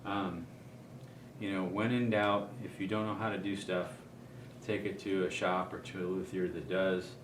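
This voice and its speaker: A man talking through a guitar setup in a relaxed, unhurried way, pausing often to think as he demonstrates. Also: sits low, reverberant, background noise. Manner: relaxed, thinking aloud with many ums. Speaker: guitar player explaining setup. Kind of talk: casual demonstration.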